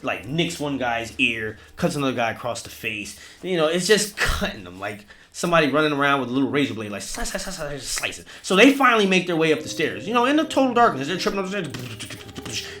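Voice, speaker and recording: A man's voice: fairly high pitch, very animated, brisk, few pauses, fairly bright tone, faint music behind. A man hosting a podcast, telling a comedic horror story in a rambling, profane way and talking to listeners directly. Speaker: podcast host.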